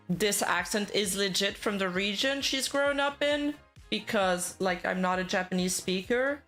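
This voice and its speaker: A woman's voice: lowish voice, fairly bright tone. A woman giving casual, rambling commentary on internet news, full of fillers and self-corrections.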